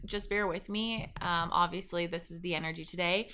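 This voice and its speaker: A woman's voice: on the low side, moderate pace, few pauses, sharp tone. A woman hosting her own podcast as a pleasure coach, talking casually in a home office, swearing freely and laughing often. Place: home office with a fan running. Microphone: sensitive studio mic up close.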